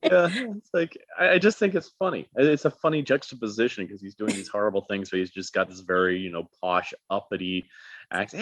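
A man speaking as a guest in a casual interview, an animated, expressive storyteller. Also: lowish voice, a little fast, no echo, muffled recording. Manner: animated, expressive storyteller who jumps into voices. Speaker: guest, actor.

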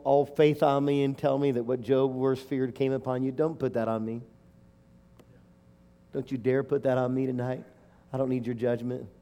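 A middle-aged male preacher delivering a heartfelt sermon. His voice is warm and mellow, and his pitch sits mid-range. He speaks with emotional emphasis and builds to fervent declarations. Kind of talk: sermon with personal story.

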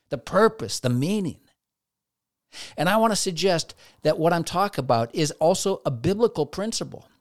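A man who works as a therapist, giving a motivational faith talk, full of rhetorical questions and little acted-out inner voices. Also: fairly high pitch.

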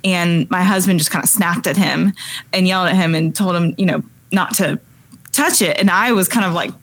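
A woman's voice: on the low side, moderate pace, dry recording. A woman co-hosting a podcast, telling a personal story in a rambling way with lots of fillers. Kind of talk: casual storytelling.

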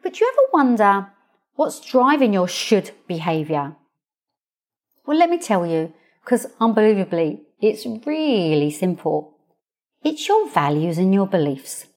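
A woman hosting her own podcast as a coach, talking straight to listeners with expressive, playful storytelling. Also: mid-range voice, measured pace. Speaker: podcast host, coach and hypnotherapist. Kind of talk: solo podcast monologue.

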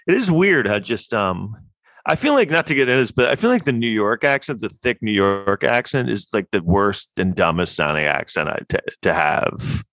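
A man's voice: on the low side, lively intonation, normal speed, fairly bright tone, no room sound. A man in casual podcast chat, rambling and opinionated, with lots of fillers and restarts.

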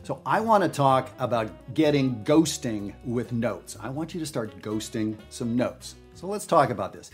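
A man hosting a jazz podcast, teaching in a casual, animated, emphatic way with everyday fillers. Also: mid-range voice, a little slow, hardly any pauses, soft background music. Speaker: jazz educator and podcast host.

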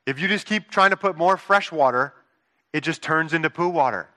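A man's voice: fairly high pitch, brisk, pushed and bright. A man in his thirties preaching a sermon, earnest and conversational, with frequent rhetorical asides to the congregation. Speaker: pastor.

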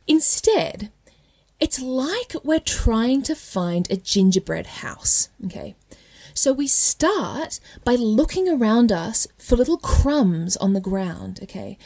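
A woman's voice: mid-range voice, darkish tone, no room sound. A woman with an Australian accent hosts a casual explainer, talking in a chatty way that keeps checking in with "right?" and "okay?" and breaks into light laughs. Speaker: host. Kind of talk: casual educational talk.

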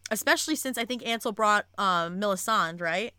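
A young woman co-hosting a podcast, chatting casually and excitably about books and swearing freely. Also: mid-range voice, normal speed, clear, resonant tone, no echo. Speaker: podcast co-host. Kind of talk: casual book chat.

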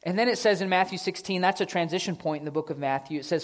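A male pastor preaching a sermon in a casual, conversational way, slipping into lively voiced asides. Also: high-pitched, fast talker, few pauses.

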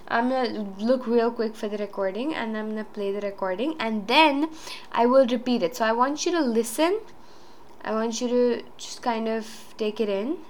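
A woman's voice: fairly high pitch, normal speed, slight background noise. A woman hosting a solo talk show, talking earnestly in a rambling casual way with many fillers. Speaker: podcast host.

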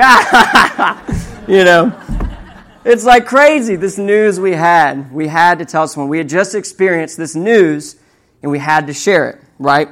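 A young man preaching a sermon in a conversational way, often checking in with the audience with "right?" and telling stories with animation. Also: a little high. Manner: conversational, keeps asking "right?"; animated storytelling.

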